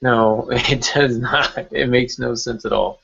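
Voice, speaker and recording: A man's voice: medium pitch, steady tone, slow, creaky, fairly bright tone, husky. A man who writes novels, co-hosting a casual podcast chat, hesitant with many fillers and restarts, over muffled call audio.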